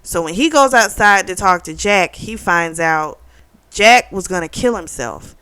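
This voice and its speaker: A woman's voice: lowish voice, lively intonation, a little slow, sharp tone, clear, resonant tone, no echo. A woman casually recapping a novel's plot, talking through the characters' lines with lots of fillers. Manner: chatty, retells with quoted dialogue and many fillers. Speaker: book club vlogger.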